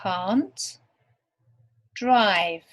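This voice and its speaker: A woman teaching English to beginners over slides, speaking slowly and deliberately word by word. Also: medium pitch. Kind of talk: slow, clear lesson for beginner learners.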